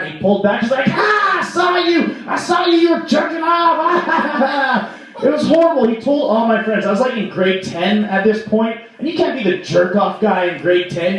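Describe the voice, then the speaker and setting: Young guy doing open mic standup, kinda high voice, rambly, super echoey bar room and he's far off the mic. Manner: rambling, filler-heavy, mock-outraged. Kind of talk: stand-up comedy set. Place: small bar stage. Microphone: stage microphone.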